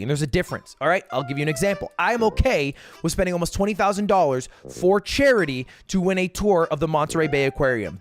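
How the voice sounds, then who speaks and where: A man, a streamer, telling a story in an exasperated, profane way, casual and animated. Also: high voice. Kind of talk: casual comedic storytelling rant.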